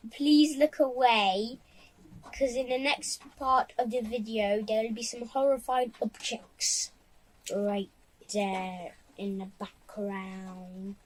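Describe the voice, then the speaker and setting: A woman giving a playful, deliberate vlog intro. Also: a little high, low-quality recording.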